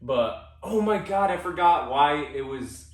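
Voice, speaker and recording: A man's voice: on the high side, lively intonation, measured pace, a little hiss or hum. Rambling young man in an echoey room. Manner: rambling, self-interrupting, swearing freely. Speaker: podcast co-host. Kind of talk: casual storytelling chat. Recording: roomy sound from a distant mic.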